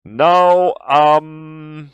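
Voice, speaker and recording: A man with a German accent, a native German speaker, talking through a software tutorial in halting English that often restarts. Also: on the high side, fairly even intonation, clean tone, dry recording, lo-fi sound. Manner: halting, self-correcting non-native English. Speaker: tutorial host. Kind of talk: screen-recorded software tutorial.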